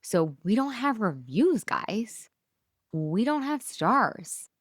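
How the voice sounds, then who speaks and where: A woman's voice: a little high, big pitch swings, slow pace, no room sound, studio quality. A middle-aged woman hosting her own podcast, talking straight to listeners in an enthusiastic, chatty, motivational way. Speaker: podcast host and coach. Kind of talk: solo motivational podcast talk.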